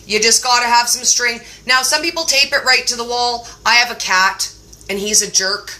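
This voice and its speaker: A woman's voice: on the high side, steady tone, moderate pace, pushed and bright. A woman hosting a casual live chat, talking in a chatty, joking way. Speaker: host.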